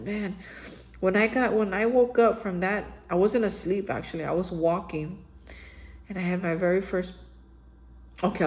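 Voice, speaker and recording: A woman's voice: mid-range voice, darkish tone, slight background noise, rough recording. A woman hosting daily recovery reflections, telling her own story in a candid, conversational way and speaking straight to her listeners.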